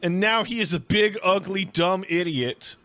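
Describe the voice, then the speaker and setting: A man hosting a casual reaction show, swearing freely, laughing loudly and rambling in asides. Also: sits high, a little slow. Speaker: host reacting to videos.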